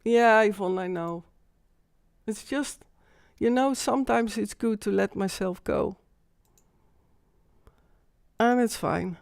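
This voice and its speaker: Slow, shaken woman streamer. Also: medium pitch, gravelly, clear, resonant tone, dry recording, clean studio sound. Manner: intense, insistent, repeats herself. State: shaken and emotional. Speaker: live-stream host. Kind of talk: emotional live-stream monologue.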